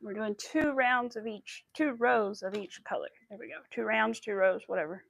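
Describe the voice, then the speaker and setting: A woman's voice: fairly high pitch, normal speed, vocal fry. A young woman hosting a crochet livestream, chatting casually and rambling through stories with quoted asides. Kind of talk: casual chat while crocheting.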